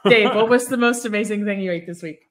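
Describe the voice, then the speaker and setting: Woman hosting a podcast, laughs a lot, mid-pitched easy voice. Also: normal speed. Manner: laughs often, asks guests questions. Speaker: podcast host. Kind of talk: casual chat.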